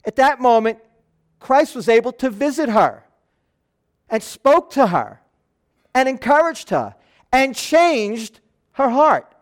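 Pastor, man, higher-pitched nasal voice, earnest chatty sermon delivery. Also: sing-song, slow, long pauses. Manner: earnest, loose asides and restarts. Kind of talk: conversational sermon.

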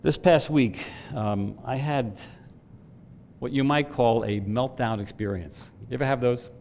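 A man preaching a sermon, swelling to loud emphatic peaks and dropping to quiet asides. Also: mid-range voice, unhurried, vocal fry, slight background noise. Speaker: pastor.

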